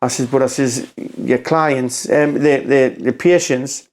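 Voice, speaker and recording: A man with a Geordie accent, a podcast guest telling a story in a rambling, halting way, acting out quotes with "I says". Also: mid-range voice, fairly even intonation, a little mellow. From Newcastle, England. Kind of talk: casual storytelling conversation.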